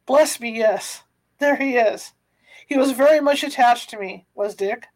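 A woman voicing an old male miser who speaks haltingly and uneasily. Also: on the high side, a little mellow, natural voice, poor audio. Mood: wistful. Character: grumpy old miser, now wistful and uneasy.

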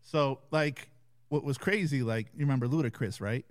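A man's voice: mid-range voice, moderate pace. A man hosting a casual radio chat in an easygoing way.

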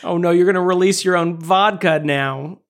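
A man's voice: sits high, normal speed. A man co-hosting a comedy podcast, teasing his partner in casual chat with sarcasm and a fair bit of swearing. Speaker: podcast co-host.

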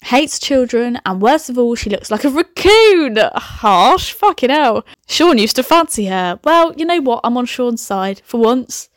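In a dry, studio-quality recording, a podcast host reads one of her own old comic stories and keeps interrupting herself with giggly, profane, chatty remarks. She is a young woman with a fairly high voice that swings widely in pitch. She speaks a little slowly and rarely pauses.

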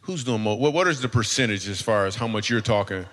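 A man's voice: fairly low pitch, lively intonation, quick pace, fairly bright tone, big-room sound. A man doing stand-up comedy, chatting and joking with audience members in a loose, teasing way. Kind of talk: stand-up crowd work.

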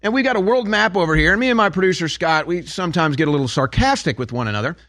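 A man's voice: high-pitched, lively intonation, racing, fairly bright tone, dry recording. A man hosting a talk radio show, delivering a sarcastic, heated opinion monologue in a studio.

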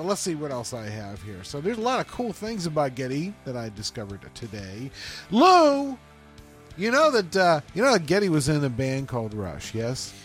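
A man co-hosting a casual podcast, joking around and laughing often as he tells stories. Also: medium pitch. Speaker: podcast co-host.

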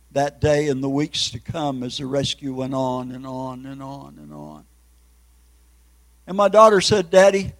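A man's voice: fairly high pitch, poor audio. An older man, an evangelist preacher, giving an emotional testimony sermon and breaking into tears.

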